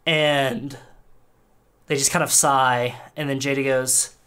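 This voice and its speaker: A game master narrating a tabletop game, who talks haltingly with lots of "like" and restarts. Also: medium pitch, level tone, a bit bright, smooth.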